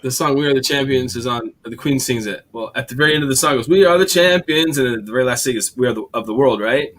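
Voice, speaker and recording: A man in casual chat, rambling and animated, swearing often as he talks. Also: medium pitch, very fast. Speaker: host.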